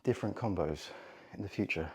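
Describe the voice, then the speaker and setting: A man's voice: deep voice, a little fast, husky. A man, out of breath, casually talking through karate drills he films himself doing, with short panting cues between moves. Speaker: karate practitioner. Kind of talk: casual self-filmed drill demonstration.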